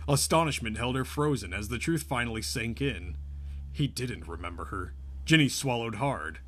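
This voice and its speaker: A man narrating a novel aloud in a steady, even way. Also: mid-range voice, moderate pace. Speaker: audiobook narrator. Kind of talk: scripted narration.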